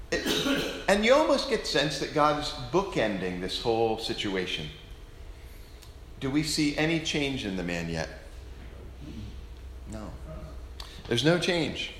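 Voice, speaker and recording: A male pastor preaching an animated, joking sermon to his congregation in a church. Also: on the high side, a little hiss or hum. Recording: echoey room.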